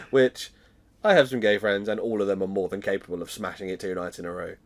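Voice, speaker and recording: Chatty British man with a lowish voice. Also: expressive, a little fast. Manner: chatty storyteller who laughs often. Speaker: podcast co-host. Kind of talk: casual chat recapping a TV episode.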